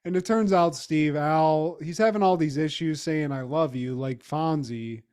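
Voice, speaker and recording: A man co-hosting a podcast, recapping a TV episode in casual chat with animated, profane storytelling and frequent laughter. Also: on the high side, unhurried, clean tone. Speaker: podcast co-host.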